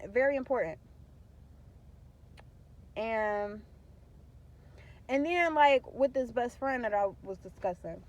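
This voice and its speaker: Blunt, profane young woman venting. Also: a little high. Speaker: vlogger. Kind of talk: candid talk to camera.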